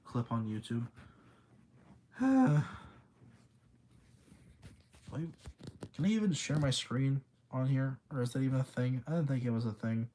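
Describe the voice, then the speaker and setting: Rambling young man, mellow voice. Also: mid-range voice, expressive, unhurried, pauses often. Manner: rambling, chatty, reads chat aloud. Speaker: streamer. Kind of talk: casual storytelling on a livestream.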